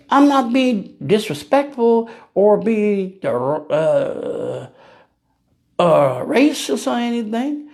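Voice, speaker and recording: A man's voice: high-pitched, very animated, drawn-out words, creaky, darkish tone. A man ranting casually to camera, firing off rhetorical questions and laughing at his own jokes. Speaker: vlogger. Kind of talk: casual political rant.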